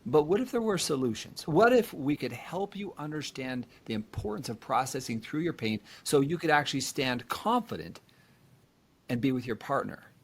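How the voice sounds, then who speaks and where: A man's voice: mid-range voice, animated, moderate pace, breathy edge. A man who is a therapist hosting a podcast, talking earnestly and explaining with rhetorical questions. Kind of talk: conversational podcast discussion.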